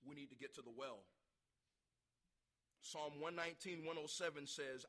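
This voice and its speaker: With passion, a man preaches a revival sermon, putting questions to the congregation and erupting into loud shouts. His voice sits on the high side, his pace is moderate, and he leaves long pauses.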